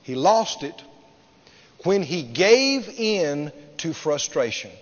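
A man preaching a sermon emphatically, repeating phrases and swinging from loud to hushed. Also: on the high side, sing-song, slow. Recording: dull sound, long hall reverb.

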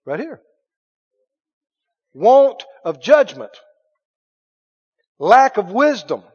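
A man preaching a sermon in a folksy way, dropping to hushed lines and rising to loud exclamations. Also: sits high, sing-song, very slow, husky. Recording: dull lo-fi sermon recording.

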